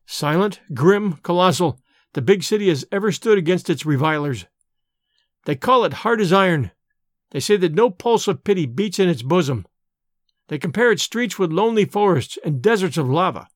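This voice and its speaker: A male narrator reads a classic story aloud with wry, theatrical flair. His voice sits high for a man and swings lively in pitch, recorded close and dry. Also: moderate pace, no echo. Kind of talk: storybook reading.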